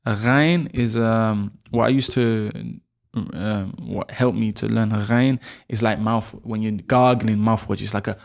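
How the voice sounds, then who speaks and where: Gravelly-voiced man teaching Arabic sounds. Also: lowish voice, fairly even intonation, takes it slowly, a little mellow. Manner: demonstrates throat sounds with exaggerated repetition; self-correcting, chatty, laughs at himself. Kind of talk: casual spoken lesson.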